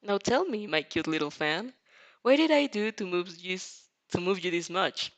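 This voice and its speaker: A woman's voice: lowish voice, animated, moderate pace, natural voice. A woman voicing a teasing, laid-back young male hero in an audio fanfic reading, with a lazy drawl.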